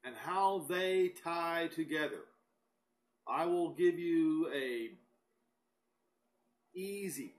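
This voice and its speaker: A man giving a recorded Bible teaching, speaking deliberately and with emphasis, and reading scripture aloud. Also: fairly high pitch, expressive, rough recording. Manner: slow, deliberate and emphatic, pausing between phrases.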